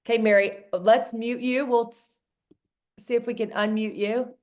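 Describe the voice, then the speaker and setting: A woman's voice: a little high, fairly even intonation, moderate pace, a little mellow. A woman coaching a group of women on a video call, earnest and encouraging, often repeating phrases for emphasis. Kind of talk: casual coaching talk.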